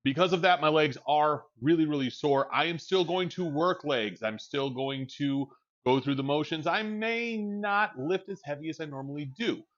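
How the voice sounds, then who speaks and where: A man with a young child streams from home, talking casually into a desk mic in a rambling, frank way and swearing freely. His voice sits on the high side, a bit bright, at a moderate pace, and the sound is lo-fi.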